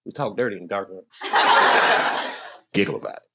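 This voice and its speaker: A man's voice: deep voice, unhurried, very noisy. An American man doing stand-up with crowd work in a club, loose and rambling, chuckling at his own jokes. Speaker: stand-up comedian. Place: dark comedy club, indoors.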